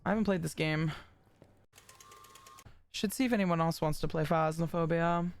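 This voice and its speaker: A woman's voice: fairly low pitch, moderate pace. A woman livestreaming, chatting casually with her viewers in a blunt, rambling way and swearing often. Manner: blunt, swears a lot, rambles and talks to chat.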